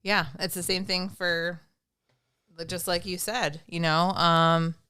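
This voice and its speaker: A woman in her forties chatting as a podcast guest, easygoing and quick to laugh. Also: on the low side, level tone, bright, forceful tone, clean tone, no room sound, studio quality. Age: 40s. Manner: easygoing, laughs often, loses her train of thought. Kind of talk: casual chat.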